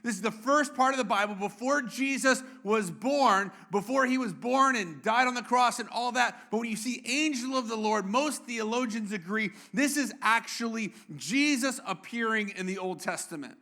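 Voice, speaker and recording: A man's voice: very high-pitched, moderate pace, hardly any pauses, pushed and bright. A male pastor preaching a sermon in a conversational way, with joking asides and frequent restarts.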